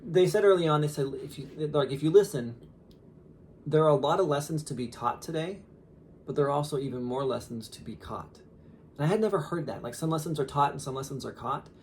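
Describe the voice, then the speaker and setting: A man in his thirties, a father, telling a story casually on a podcast in an animated way with lots of fillers. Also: a little high, a little fast, a little hiss or hum. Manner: animated, laughing, lots of fillers and quoted asides.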